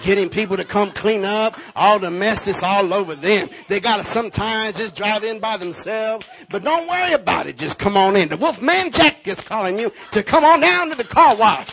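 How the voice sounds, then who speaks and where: A hyped, smooth-talking late-night radio DJ, as a preacher puts him on, stretching his words into a booming announcer drawl. The voice sits high and loud, calling listeners in with easy swagger. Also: lively intonation, moderate pace, hardly any pauses, full character voice. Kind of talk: sermon.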